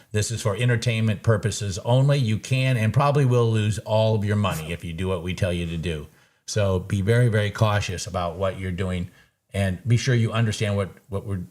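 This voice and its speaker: A man's voice: on the low side, darkish tone. A man hosting a live market recap, talking casually, laughing easily and throwing in folksy sayings. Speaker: trader and show host.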